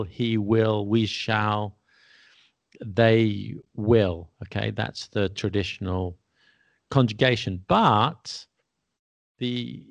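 Male podcast host, gravelly and dry, patiently explains grammar and checks understanding. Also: lowish voice, no echo. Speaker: English teacher and podcast host.

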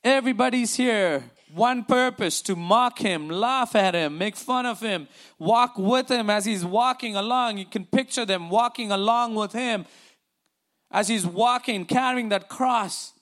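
A male preacher with a notably high voice delivers a sermon. He reads scripture in a measured way, then shifts into a casual, storytelling style full of "you know" and restarts. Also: fairly bright tone. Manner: conversational, with fillers and restarts while preaching.

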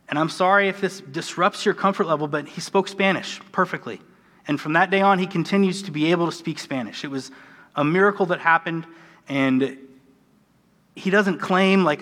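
A man's voice: on the high side, a bit bright. An American man preaching a conversational, earnest sermon, with a self-deprecating manner. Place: church sanctuary. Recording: church hall with long reverb.

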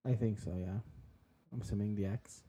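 A woman's voice: a bass voice, steady tone, fairly quick, warm tone, breathy edge. A young woman reacting to a horror film with grossed-out gasps and chatty remarks. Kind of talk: casual reaction chat.

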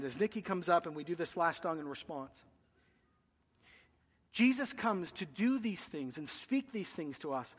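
A male pastor preaching a sermon, emphatic, swinging between loud declarations and hushed asides. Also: sits high, long reverb tail. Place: church.

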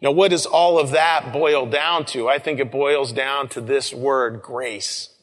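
Male pastor, relaxed sermon, mid-pitched voice, long reverb of a big church. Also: unhurried. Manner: conversational, often repeats words, addresses listeners as folks. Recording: long reverb of a large room.

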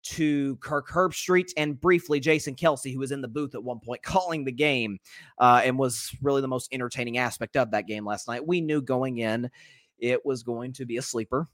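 A man's voice: mid-range voice, normal speed, no echo, clean studio sound. A young man hosting a sports podcast, talking casually and rambling with frequent restarts and self-corrections. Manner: animated, rambling, self-interrupting. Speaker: podcast host.

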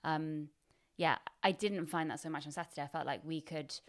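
Female co-host, casual chat, low-ish voice, swears freely, teasing outrage. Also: brisk. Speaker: podcast co-host.

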